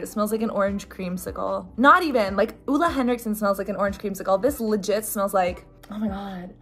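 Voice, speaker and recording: A young woman who is sick and congested, chatting excitedly in a casual unboxing vlog. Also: mid-range voice, brisk, hardly any pauses, faint music behind. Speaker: beauty vlogger.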